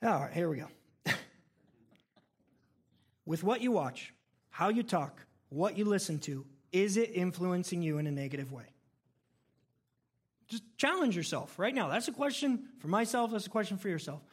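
A man in his thirties preaches to his congregation with a noticeably high voice. He talks casually and tells stories with animation, easing his points in with humor rather than thundering. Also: normal speed, long pauses, slightly rough. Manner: conversational, animated storytelling with laughs. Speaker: pastor. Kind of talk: sermon.

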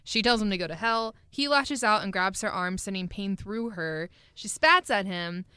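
A woman's voice: medium pitch, lively intonation, moderate pace, pushed and bright, clean tone, no room sound, clean studio sound. A woman co-hosting a podcast, laughing often as she recaps the plot in casual chat. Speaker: podcast co-host. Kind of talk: casual book discussion.

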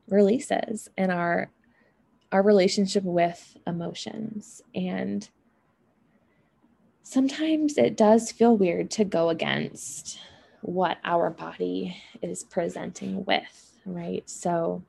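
A woman talks through emotions and healing in a slow, drawn-out monologue. Her voice is heavy with vocal fry and has a dark, husky tone. She muses aloud and keeps checking in with "right?" and "you know". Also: medium pitch. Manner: unhurried, musing, often adds "right?" and "you know".

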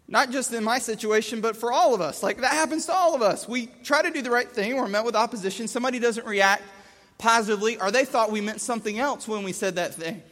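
Guy preaching, super high voice, tells stories all acted out, big echoey hall. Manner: animated storyteller acting out scenes. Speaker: pastor. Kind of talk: sermon. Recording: long hall reverb.

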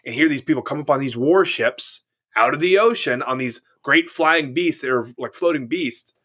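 Bright-voiced man rambling through anecdotes. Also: medium pitch, normal speed, slightly rough. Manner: rambling, profane, restarts often while telling anecdotes. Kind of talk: casual chat.

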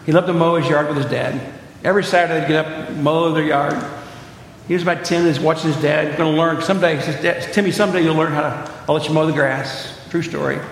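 A man preaching, his slightly raised voice carried in short storytelling phrases that drop low and quiet for tension. The sound rings through a big reverberant church hall. A faint hum of room ambience sits underneath. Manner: dramatic storyteller, drops quiet for tense moments, lifts to fervent high pitch. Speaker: pastor. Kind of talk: sermon with storytelling and closing prayer.

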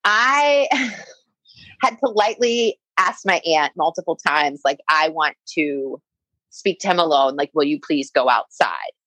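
A young woman recounts a personal story in casual conversation, her voice a little low and recorded dry and close. She leans on "like" constantly and acts out what people said to her. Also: slow, a bit bright, no room sound, poor audio. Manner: frequent "like" fillers, quoting herself and others. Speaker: guest telling a personal story.

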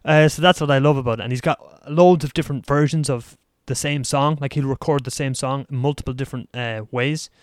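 A man's voice: medium pitch, fairly even intonation, fairly quick, few pauses, no room sound, studio quality. Rambling man hosting a solo podcast. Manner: rambling, conversational, laughs at himself. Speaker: podcast host. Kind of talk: casual solo podcast talk. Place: lives in Taiwan.

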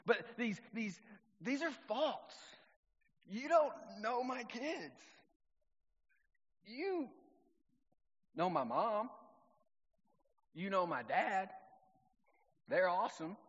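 A middle-aged man, preaching a sermon in a relaxed, conversational storytelling way. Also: high voice, extremely slow, pauses often, slightly rough. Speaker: pastor. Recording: long reverb, dull lo-fi sound.

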